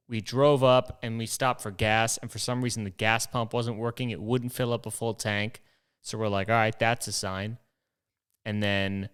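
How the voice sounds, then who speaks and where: A man's voice: lowish voice, clear, resonant tone. A young man hosting his own show, rambling through stories in a casual, profane, self-deprecating way. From New York. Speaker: podcast host.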